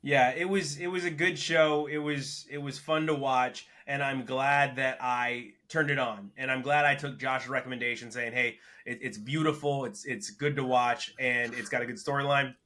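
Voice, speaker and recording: An easygoing man reviews shows as a podcast co-host, talking them through in a relaxed, conversational way. His voice sits in a middle pitch with a bright edge. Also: moderate pace, hardly any pauses. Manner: easygoing, gives ratings. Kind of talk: casual review chat.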